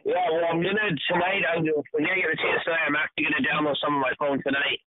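A man co-hosting a podcast in casual chat, blunt and quick to swear, sounding tired. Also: a little high, flat delivery, phone-quality sound. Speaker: podcast co-host.

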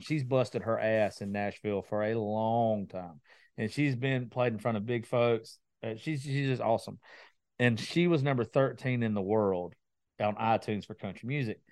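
A man's voice: mid-range voice, no echo. Chatty podcast host man. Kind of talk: casual chat.

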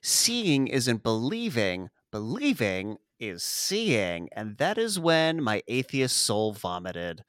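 Lively, animated man recapping a movie. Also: medium pitch, dry recording, clean studio sound. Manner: animated, swearing, acts out characters in quick voices. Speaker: podcast host recapping a movie. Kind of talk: casual comedic chat.

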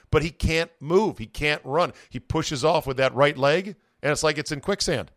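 A man's voice: fairly high pitch, normal speed, hardly any pauses, fairly bright tone, no room sound, clean studio sound. A man hosting a podcast, chatting about sports in a profane, opinionated way and acting out what players might say. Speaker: podcast host. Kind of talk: casual sports chat.

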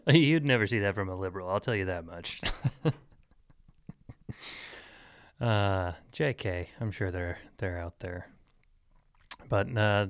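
This is a man talking on his own podcast, his voice low-set and smooth, recorded close and dry with no room around it. He wanders from thought to thought with lots of "like" and "uh", chuckling at his own jokes. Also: unhurried, long pauses, a bit bright, dry recording. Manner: rambling, filler-heavy, laughs at his own jokes; joking, mock-serious asides. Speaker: podcast host. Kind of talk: solo casual podcast rambling.

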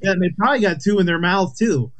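A man's voice: sits high, fast talker. A man co-hosting a podcast in crude, rambling casual chat, blunt and full of swearing and fillers. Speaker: podcast co-host.

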